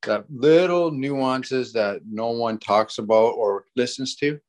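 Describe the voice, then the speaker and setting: A man's voice: medium pitch, slow pace, darkish tone. A man in his forties from Canada with a Canadian accent, a podcast guest talking in a laid-back, joking, rambling way. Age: 40s. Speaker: podcast guest, fishing guide. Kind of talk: casual chat.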